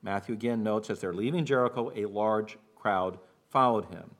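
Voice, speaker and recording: A man preaching a sermon as pastor, walking through scripture and now and then acting out the shouting of the people in the story. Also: lowish voice, moderate pace. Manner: expository preaching, acts out shouted quotes.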